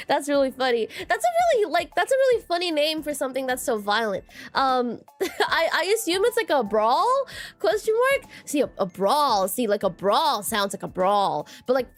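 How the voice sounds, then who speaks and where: Woman, high lively voice, giggly VTuber streamer, casual chat, faint music behind. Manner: giggly, chatty, lots of filler "like", repeats phrases. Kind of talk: casual livestream chat with viewers.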